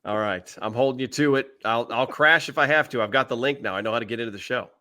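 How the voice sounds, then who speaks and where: Fast-talking man with a bright voice. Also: medium pitch. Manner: fast, upbeat promoter. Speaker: podcast guest. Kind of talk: casual podcast chat.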